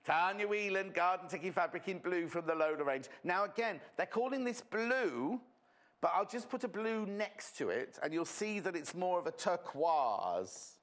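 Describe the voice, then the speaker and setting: A man's voice: high-pitched, expressive, moderate pace, fairly bright tone. A man presenting a live sewing demonstration on a shopping channel, chatty and gossipy as he teases the crew. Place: TV studio.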